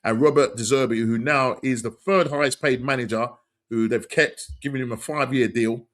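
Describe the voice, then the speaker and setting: A man hosting a football podcast in casual, excitable chat, repeating his shout-outs. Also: mid-range voice, moderate pace. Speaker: podcast host.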